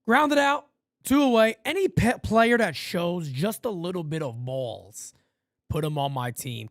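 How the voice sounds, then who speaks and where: A man from New York hosting a live fan play-by-play stream, blunt and profane, swinging from loud calls to low asides. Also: dry recording, clean studio sound. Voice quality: profane, blunt street talk.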